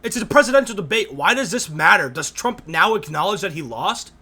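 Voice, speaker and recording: Bright, gravelly young man mocking loudly. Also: sits high, animated, brisk. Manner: crude, mocking, laughs often, talks over clips. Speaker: streamer reacting to a debate. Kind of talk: profane reaction commentary.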